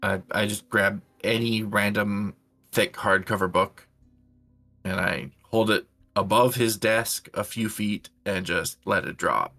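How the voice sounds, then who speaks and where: A man's voice: fairly low pitch, takes it slowly, gravelly, pushed and bright, faint music behind. A man playing a tabletop role-play, describing his character's actions with some hesitation. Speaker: player.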